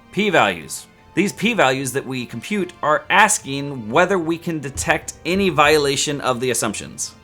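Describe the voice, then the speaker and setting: A man with a slightly high, somewhat bright voice teaches statistics in a casual video lecture, chatty and joking, slipping in rants and self-mocking asides.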